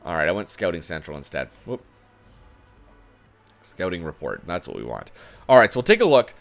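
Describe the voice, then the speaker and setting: A man's voice: low-pitched, huge pitch swings, brisk, creaky, soft background music. A man giving casual commentary on a sports management game, chatty and thinking aloud, often correcting himself as he goes. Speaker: gaming YouTuber.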